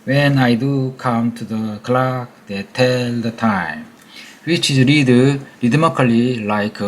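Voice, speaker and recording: A Korean man with a Korean accent, a native Korean speaker, reading an English textbook aloud for practice in a careful, halting way with hesitations and slips. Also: mid-range voice. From South Korea.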